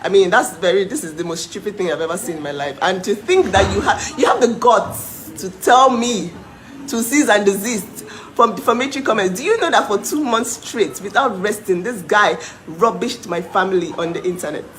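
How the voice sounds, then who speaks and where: A woman's voice: mid-range voice, moderate pace, rough recording. A young woman from Nigeria ranting to her followers, indignant and mocking, breaking into disbelieving laughs. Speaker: vlogger. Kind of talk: heated live rant to followers.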